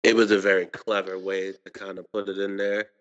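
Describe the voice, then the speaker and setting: Man, co-host, low pitch, dull lo-fi sound, hesitant delivery. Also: little pitch movement, brisk, a bit bright. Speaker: podcast co-host. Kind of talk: casual chat.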